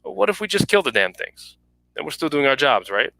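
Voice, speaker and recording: A man reading a gruff, blunt sergeant. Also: a little high, very animated, a little fast, bright, forceful tone, heavily acted, rough recording. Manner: blunt, coarse.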